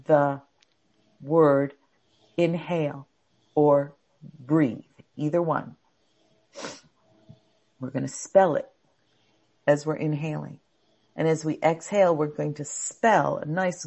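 A middle-aged woman teaching a class on calming anxiety, explaining step by step and acting out anxious thoughts. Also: low-pitched, gravelly, husky.

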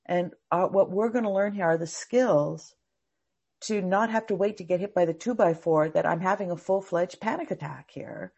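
A woman's voice: fairly low pitch, normal speed, vocal fry, a little mellow, slightly rough, lo-fi sound. A middle-aged woman teaching a live class on anxiety, earnest and prone to repeating words as she thinks.

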